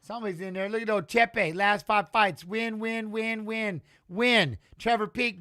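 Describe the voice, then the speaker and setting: A man hosting a live-stream watch-along, giving casual fight commentary in an excitable, slangy way and teasing the chat. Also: sits high, measured pace, few pauses.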